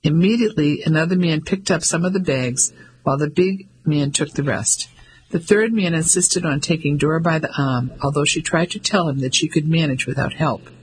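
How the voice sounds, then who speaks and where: A man narrating an audiobook in a steady, descriptive manner. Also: on the high side, normal speed, slight background noise, low-quality recording.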